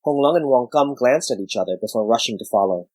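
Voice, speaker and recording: A man giving measured scripted narration of a story. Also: medium pitch, lively intonation, darkish tone, no room sound, rough recording.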